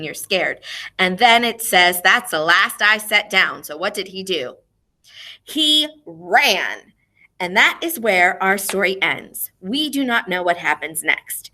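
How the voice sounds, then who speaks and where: Bright-voiced woman teaching young children. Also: fairly low pitch. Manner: expressive, talks slowly and clearly to children, asks questions and answers them herself. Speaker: elementary music teacher. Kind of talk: online lesson for young children.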